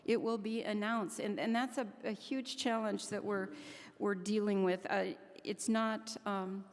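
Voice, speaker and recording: An older woman speaks to a conference crowd in a heartfelt, earnest tone at a mid-range pitch. She sometimes stops and restarts her sentences. Her voice carries a long, echoing reverb from a big hall. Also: steady tone, unhurried. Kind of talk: public speech to an audience.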